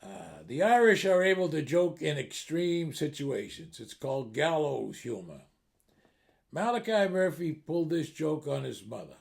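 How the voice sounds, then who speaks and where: A man's voice: a little high, big pitch swings, unhurried, creaky. A man telling jokes in a storytelling manner, steadily building up to each punchline. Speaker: joke teller. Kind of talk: comedic joke telling.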